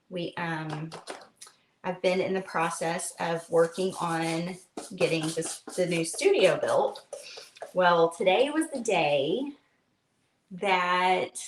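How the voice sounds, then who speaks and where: A woman hosting a live craft stream from home, chatting and telling a rambling story with lots of fillers. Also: fairly low pitch. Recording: echoey room with faint noise.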